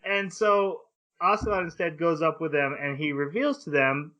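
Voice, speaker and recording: A man's voice: fairly high pitch, lively intonation, normal speed, sharp tone. A grown man hosting a casual anime discussion podcast, retelling the plot at length with fillers and playful paraphrased quotes. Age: adult. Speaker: podcast host.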